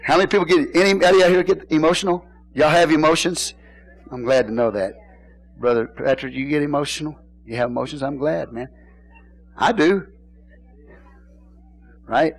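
A middle-aged man preaching a sermon as pastor, in a casual folksy way, asking his congregation questions and now and then shouting a point. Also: on the high side, normal speed, pauses often, rough recording. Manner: casual folksy phrasing, bursts into shouted emphasis.

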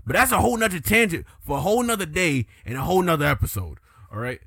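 Animated podcast host with a lively pitch. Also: male voice, quick pace, husky, dry recording, studio quality. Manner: animated, laughing often, jokes with put-on voices. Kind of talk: casual chat.

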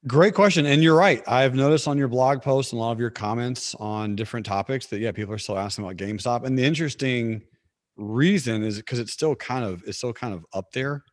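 A man's voice: mid-range voice, a little fast, no echo. A man who trades stocks, speaking as a podcast guest and patiently explaining things in a friendly way, with easy laughs. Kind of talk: explanatory interview talk.

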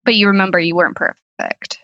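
A woman guest playing along in an improvised comedy scene, asking blunt deadpan questions. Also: lowish voice, brisk, no room sound, lo-fi sound. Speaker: podcast guest.

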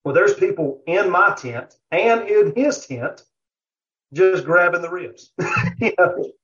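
Fairly high-voiced man telling a rambling story. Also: animated, takes it slowly, fairly bright tone. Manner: rambling anecdotal telling, many fillers. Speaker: competition barbecue cook, podcast guest. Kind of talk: casual storytelling interview. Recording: dull lo-fi audio.

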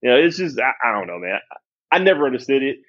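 A young man hosting a podcast, chatting casually with a guest, animated and swearing freely. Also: mid-range voice, racing, lo-fi sound. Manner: animated, swearing, laughing often. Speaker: podcast host. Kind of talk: casual chat.

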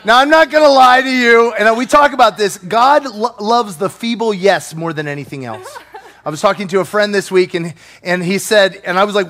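A male pastor preaching a sermon with personal stories, animated and self-deprecating with humor. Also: sits high, normal speed.

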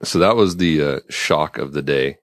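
A man co-hosting a casual chat, telling stories in a relaxed way and laughing often. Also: rumbling low, moderate pace, dry recording, clean studio sound. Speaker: podcast co-host.

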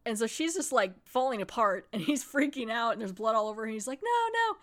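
Animated woman recapping a show. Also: a little high, fast talker. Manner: animated storytelling, acting out characters' lines. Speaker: podcast host. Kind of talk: casual episode recap.

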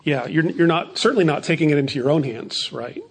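A man's voice: fairly high pitch, fairly quick, slightly rough. A man, a pastor leading a midweek Bible study in a conversational way, often asking rhetorical questions and repeating phrases.

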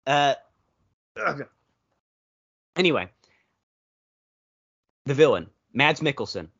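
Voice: mid-range voice, big pitch swings, a little fast, a bit bright, dull audio. A podcast co-host chatting casually about movies, telling long rambling stories with playful quoted asides.

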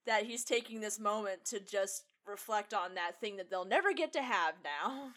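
A woman's voice: medium pitch, animated, normal speed, fairly bright tone. A woman co-hosting a podcast, chatting casually and emotionally, swearing freely. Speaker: podcast co-host. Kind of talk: casual chat.

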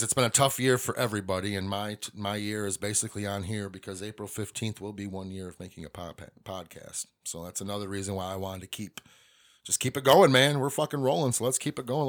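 A middle-aged man with a fairly low voice talks alone into a podcast mic. He rambles and swears freely as he confesses things, in a loose, casual way. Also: a bit bright. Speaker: podcast host. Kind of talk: casual monologue.

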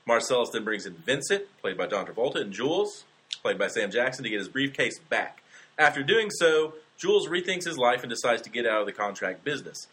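Man, podcast co-host, plot summary, bright, animated. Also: medium pitch. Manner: quick, matter-of-fact summarizing.

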